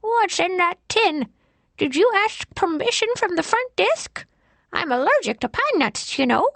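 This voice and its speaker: A woman reading an audiobook voices an elderly nursing home resident, fussy and scolding, who talks with a lisp in a high, fretful voice. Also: very animated, a little slow, creaky, a bit bright, no room sound, exaggerated voice. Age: older. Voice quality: lisping. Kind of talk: audiobook character voice. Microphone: close studio mic.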